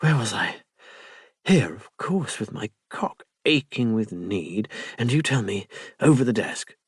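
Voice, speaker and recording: Audiobook lover voiced by the male reader: shameless man, hushed murmuring delivery, dry booth sound. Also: lowish voice, expressive, measured pace, slightly rough, no echo, heavily acted. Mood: breathless. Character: bold, shameless adult man lover, whispering. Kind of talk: audiobook character voice.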